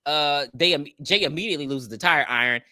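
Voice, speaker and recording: A woman's voice: low-pitched, fast talker, sharp tone, dry recording, studio quality. A woman co-hosting a podcast, recapping a movie in casual, profane chat and acting out the characters' lines. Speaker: podcast co-host.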